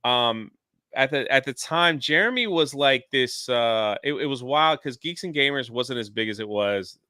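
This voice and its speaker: A man on a livestream telling a long story in an animated, chatty way, jumping in and out of quotes. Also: mid-range voice, normal speed, clear, resonant tone, dry recording, studio quality. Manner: animated, jumps into quoted voices. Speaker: YouTuber guest. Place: lives near a theme park in Florida.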